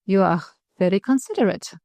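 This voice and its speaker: A shrill, fussy French governess, as a woman narrator puts her on in a storybook reading, speaking in stiff, broken phrases with a strong French accent. The voice sits at an even middle pitch. It is recorded dry and close, with no room sound. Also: a little fast, gravelly, no echo.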